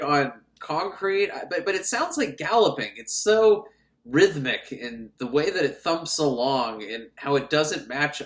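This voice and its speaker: A man's voice: a little high, a bit bright. A man recapping an old film in a sarcastic, mocking way and acting out the characters. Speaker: film reviewer. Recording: roomy echo.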